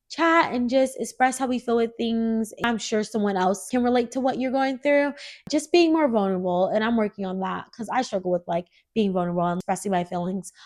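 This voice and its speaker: A woman in her twenties hosting a casual solo podcast, sounding nasal from a cold she is still getting over, chatty and earnest with lots of filler words. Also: on the high side. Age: 20s. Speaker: podcast host.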